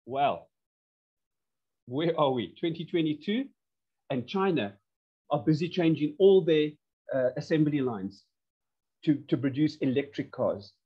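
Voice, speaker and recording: A man teaching an online course from home, talking in an animated, emphatic way and often repeating himself. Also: a little high, measured pace, pauses often, breathy edge, lo-fi sound. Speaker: course instructor. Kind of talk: online lecture. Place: home lounge.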